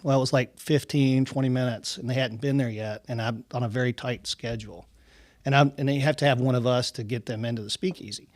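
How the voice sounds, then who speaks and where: A man from Kentucky, a company executive, telling relaxed anecdotes in a podcast interview, with lots of "you know". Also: mid-range voice, fairly quick, no echo, studio quality. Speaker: racetrack company executive, guest. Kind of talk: casual storytelling in a podcast interview.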